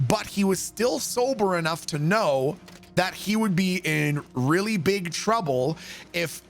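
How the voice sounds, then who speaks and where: A man streaming a game, telling a long rambling story in a casual, profane, animated way. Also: sits high.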